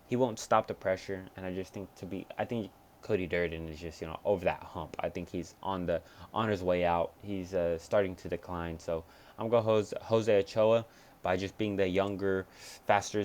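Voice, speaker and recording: A man's voice: sits low, darkish tone. A young man breaking down fight picks in a casual, rambling way, swearing often and thinking aloud as he changes his mind. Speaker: MMA fight picks commentator.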